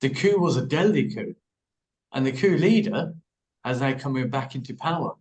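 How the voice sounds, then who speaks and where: A man's voice: mid-range voice, lively intonation, normal speed, a little mellow, rough recording. A man hosting an interview, easygoing and joking as he asks probing questions. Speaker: interviewer, host. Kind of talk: casual interview chat.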